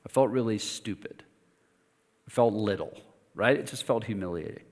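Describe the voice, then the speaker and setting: A pastor preaching a sermon, telling a personal story in an animated, self-mocking way with lively asides. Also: male voice, lowish voice, moderate pace. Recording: long reverb of a church hall.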